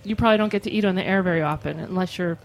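A woman's voice: fairly low pitch, rapid-fire, faint music behind, low-quality recording. A woman from Rochester co-hosts a casual studio chat. She teases her guests playfully and asks them easygoing questions. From Rochester, New York. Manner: playful, teasing, laughs easily. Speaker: radio show co-host.

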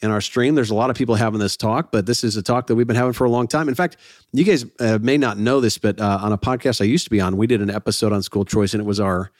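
A man's voice: lowish voice, quick pace, no echo, studio quality. A man hosting a casual podcast, joking with his co-hosts and talking in loose restarts. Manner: jokey, talks in restarts and fillers. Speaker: podcast host.

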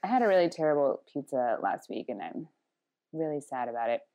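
A woman's voice: a bass voice, sing-song, a little fast, warm tone. A woman co-hosting a podcast, telling rambling stories in a dry, wry casual chat. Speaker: podcast co-host.

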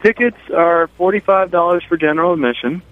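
A brewer calling in by phone, chatting casually and telling relaxed stories about his brewery. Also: high voice, fairly quick, no room sound. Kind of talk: casual radio chat. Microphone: phone line. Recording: tinny phone line.

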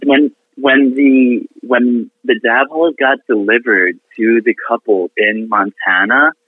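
A man calling in as a podcast guest, telling stories in an animated, emotional way with many restarts. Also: mid-range voice, slow, dry recording. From Florida. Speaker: guest business owner. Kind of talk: casual storytelling on a podcast. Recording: phone-line call-in.

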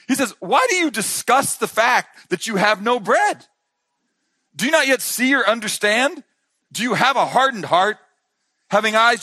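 A man preaching at a conference, animated, acting out quotes and dropping to a hush for emphasis. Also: high voice, no room sound. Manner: animated preaching, voices Jesus and disciples in quotes, drops to hushed emphasis. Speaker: pastor. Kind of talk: sermon. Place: conference hall.

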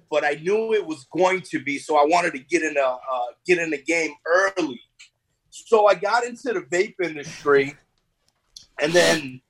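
A man guesting on a casual podcast interview, relaxed and streetwise, often repeating words and calling the host "bro". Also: a little high, slightly rough, low-quality recording. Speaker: podcast guest, business owner.

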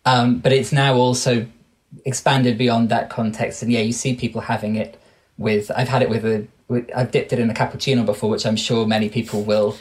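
English guy, 30s, podcast guest, mid pitch, talks it through carefully, lots of restarts. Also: little pitch movement, a little fast. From Wales. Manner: thoughtful, frequent restarts and self-corrections. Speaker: guest researcher. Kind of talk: podcast interview conversation.

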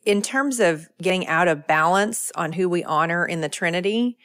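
A woman's voice: fairly low pitch, animated, moderate pace, fairly bright tone, no room sound, clean studio sound. A woman co-hosting a podcast discussion, thoughtful, who asks questions and builds on the others' points.

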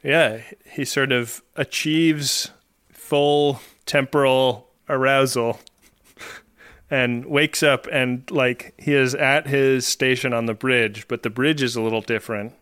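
A man's voice: medium pitch, fairly even intonation, slow, a bit bright, smooth, dry recording, studio quality. A man co-hosting a podcast in a wry, jokey way as he narrates scenes in casual chat. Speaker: podcast co-host.

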